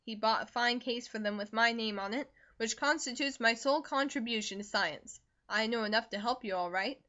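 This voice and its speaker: A woman voicing a talkative young man who is recovering from a fever, brisk and jovial, in an audiobook reading. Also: fairly high pitch, pushed and bright, muffled recording.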